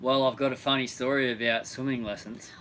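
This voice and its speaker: A man's voice: mid-range voice, steady tone, a little fast, fairly bright tone, slight background noise, poor audio. An Australian man co-hosting a casual live question-and-answer chat, joking and rambling with frequent restarts. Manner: joking, rambling, self-interrupting. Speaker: co-host.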